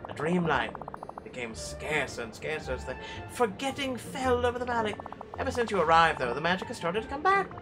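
A man's voice: sits high, sing-song, a little fast, pitched above the performer's own voice. A man voicing a solemn old male wizard, reading game dialogue aloud in a raised, theatrical voice. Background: game music.

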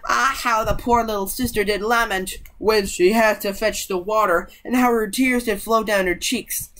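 A woman's voice: mid-range voice, steady tone, normal speed, fairly bright tone. A woman reading a fairy tale aloud in an unpolished way, stumbling and correcting herself now and then. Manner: unpolished, with slips and self-corrections. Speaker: reader.

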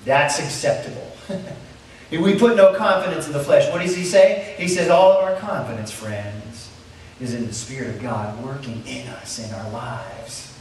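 A man's voice: medium pitch, moderate pace, very echoey, recorded from a distance, slight background noise, rough recording. A man pastor preaching a sermon verse by verse, asking the congregation rhetorical questions and repeating key points.

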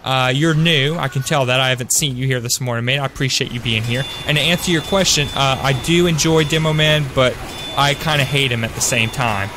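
A man's voice: mid-range voice, a little fast, background noise. A young man streaming a shooter game live, chatting upbeat with his viewers and greeting them by name, often correcting himself mid-sentence. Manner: self-correcting, trails off with fillers. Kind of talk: live-streamed gameplay commentary.

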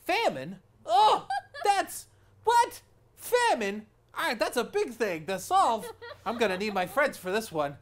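A man performing in a live improv comedy scene, excitable and laughing between lines. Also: high-pitched, normal speed, slight background noise. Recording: live stage with audience.

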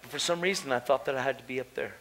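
A man preaching his personal testimony at a conference. He swings from hushed storytelling to loud, emotional shouting. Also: medium pitch, rapid-fire, background noise.

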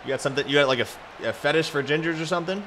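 A man giving live commentary over a football video game, excitable and trash-talking, shouting at his players. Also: a little high, rapid-fire, background noise. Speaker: gaming YouTuber.

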